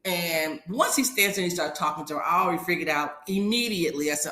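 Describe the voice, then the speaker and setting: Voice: medium pitch, lively intonation, quick pace, sharp tone, roomy sound. A podcast host giving a casual episode recap, retelling scenes in a chatty way and acting out quotes from the characters.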